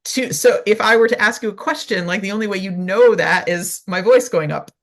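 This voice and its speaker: A woman's voice: medium pitch, brisk. Chatty woman explaining research. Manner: animated and chatty, with many fillers like "like" and "right?". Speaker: interview guest, violist and music cognition researcher. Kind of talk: casual interview explaining research.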